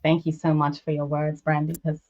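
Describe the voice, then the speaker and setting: A woman's voice: sits low, completely flat delivery, fairly quick, a little mellow. A woman co-hosting a casual talk, affirming her guest and asking her questions. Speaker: co-host. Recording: dull lo-fi audio.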